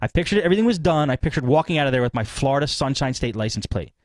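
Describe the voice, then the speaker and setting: Male podcast host, animated anecdote teller, fast delivery, dry mic. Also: mid-range voice, dry recording. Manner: rambling, animated retelling with acted-out quotes. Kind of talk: casual storytelling.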